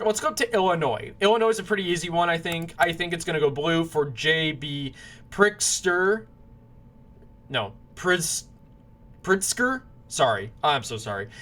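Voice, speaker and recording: A man talks through his election predictions in a loose, rambling way, his voice sitting a little higher than most men's. He keeps restarting sentences and apologizing whenever he trips over a name. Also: fairly bright tone. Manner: rambling, self-correcting, apologetic over names. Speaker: political commentator. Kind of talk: casual predictions monologue.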